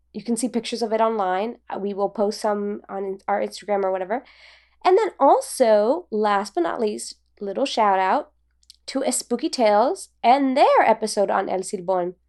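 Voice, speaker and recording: A woman co-hosting a podcast in casual chat. She talks in a giggly, rambling way with lots of fillers. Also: medium pitch. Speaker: podcast co-host.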